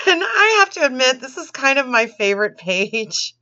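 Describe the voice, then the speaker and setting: A channel host with a high-pitched, very animated, sharp-toned voice reads a children's storybook aloud at a moderate pace with few pauses. She mocks it with sarcastic, swearing commentary and laughs a lot throughout. The recording is dull and lo-fi.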